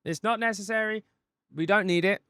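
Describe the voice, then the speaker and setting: A man's voice: high-pitched, brisk, bright, forceful tone, clean tone, no echo, clean studio sound. A man streaming a reaction video, chatting casually, stumbling over restarts and swearing freely. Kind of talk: casual chat.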